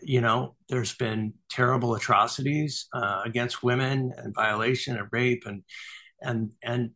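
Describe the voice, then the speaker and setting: A middle-aged man, an author guest on an interview, telling stories earnestly with halting restarts. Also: medium pitch, fairly even intonation, bright, forceful tone. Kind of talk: conversational storytelling interview.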